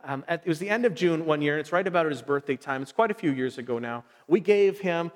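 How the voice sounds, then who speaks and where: A middle-aged man preaching a sermon, telling stories in an animated way and acting out his son's voice. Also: fairly high pitch, quick pace. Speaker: pastor. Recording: long hall reverb.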